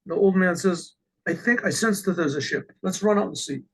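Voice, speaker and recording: A man with a high, gravelly voice tells a story, animated, acting out each character with lively exclamations. His tone is husky and rough-edged. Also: normal speed, low-quality recording. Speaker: rabbi telling a story. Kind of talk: storytelling talk.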